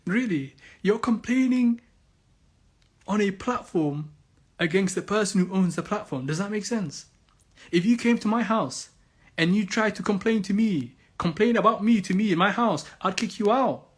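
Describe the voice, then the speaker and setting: A man's voice: high voice, moderate pace, slightly rough. A man giving impassioned religious commentary, firing off sarcastic rhetorical questions. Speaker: Islamic commentator.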